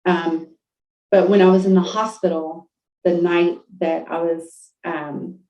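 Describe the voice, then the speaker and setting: A woman's voice: lowish voice, little pitch movement. Heartfelt woman guest, roomy distant sound. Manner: heartfelt, halting, many fillers and restarts. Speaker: podcast guest. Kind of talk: emotional personal storytelling. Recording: roomy, distant, dull lo-fi audio.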